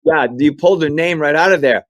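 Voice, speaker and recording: A comedian from Maine telling animated stories in an interview, acting out other people's voices as he goes. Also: fairly high pitch, brisk, no echo. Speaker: comedian guest. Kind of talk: storytelling interview chat.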